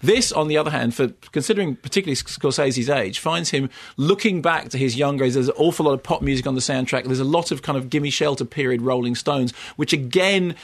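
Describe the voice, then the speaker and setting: A man's voice: medium pitch, fast, hardly any pauses, no room sound. A man delivering a wry, opinionated film review in a casual radio chat. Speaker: film critic.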